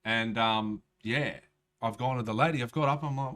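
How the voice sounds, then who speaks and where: A man's voice: medium pitch, moderate pace, a bit bright. A man, a rapper telling a rambling, profane story in casual storytelling style. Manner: profane, rambling, streetwise slang.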